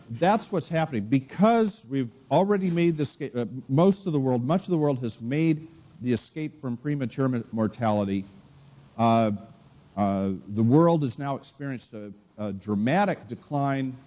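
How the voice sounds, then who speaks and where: A man's voice: mid-range voice, dark tone. A middle-aged man, an economics professor, giving a conference lecture with frequent fillers and restarts. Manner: halting, many uh fillers and restarts. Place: conference room.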